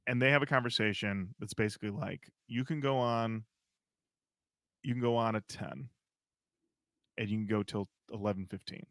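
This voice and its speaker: A man's voice: on the low side, no echo. A man co-hosting a podcast, telling a backstage story in casual chat and acting out what people said. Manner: animated, acts out quotes. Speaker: podcast co-host.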